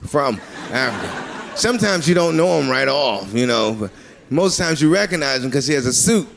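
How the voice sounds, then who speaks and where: A man doing a stand-up routine in a comedy club, rambling loosely and breaking into shouted high-pitched bits. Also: very animated, moderate pace, creaky. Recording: live club recording with audience laughter and noise.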